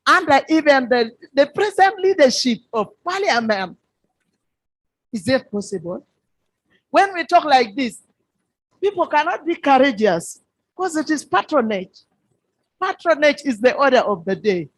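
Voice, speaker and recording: Woman MP, high voice, slow and insistent delivery, dry close sound. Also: sing-song, no room sound, low-quality recording. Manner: impassioned, repeats phrases for emphasis. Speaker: member of parliament. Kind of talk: workshop floor contribution.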